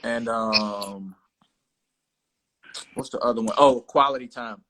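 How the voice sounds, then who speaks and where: A man's voice: mid-range voice, slow, heavy background noise. A man in his thirties, a guest in a casual interview, speaking candidly and thoughtfully about himself. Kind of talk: casual conversation.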